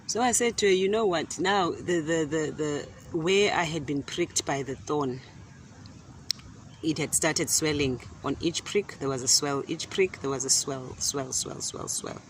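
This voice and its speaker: A middle-aged woman telling a casual story in an animated way, often repeating words and laughing. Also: sits low, a little slow, slight background noise. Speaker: gardening vlogger. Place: outdoor garden.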